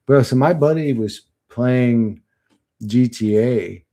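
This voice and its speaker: A man's voice: medium pitch, slow, warm tone. A man on a livestream, reading chat comments and answering them in blunt, profane, rambling talk.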